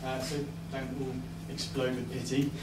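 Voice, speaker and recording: A young man performing a stand-up comedy set, hesitant and deadpan, with lots of uhs and ums. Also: medium pitch, moderate pace, very noisy. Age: young adult. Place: comedy club stage. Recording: echoey live venue, distant mic, loud crowd laughter. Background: audience laughter.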